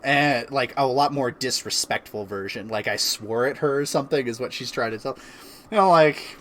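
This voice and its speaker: A man of average pitch tells a story in a relaxed, easygoing way, full of filler words and quick laughs. He hosts a casual chat with friends from his home by the fireplace. A faint hiss sits under his voice. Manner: laid-back, laughs often, lots of filler words. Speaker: streamer and host.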